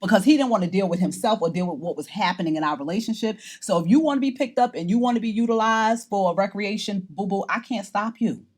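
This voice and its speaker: With a medium pitch, a fast pace and few pauses, a middle-aged New York woman narrates her own experiences in a documentary interview to camera. She performs it theatrically and with animation, imitating the voices of others involved.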